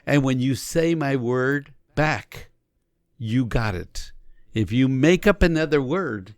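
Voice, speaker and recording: A man co-hosting a podcast, talking casually and coaching through examples in an animated way. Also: mid-range voice, slow pace, no echo, clean studio sound. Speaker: podcast co-host. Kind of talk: casual conversation on marriage.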